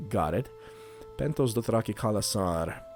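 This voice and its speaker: A man's voice: fairly low pitch, expressive, moderate pace, a little mellow, soft background music. A man giving casual let's play commentary, chatty and thinking aloud while he plays. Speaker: gaming youtuber.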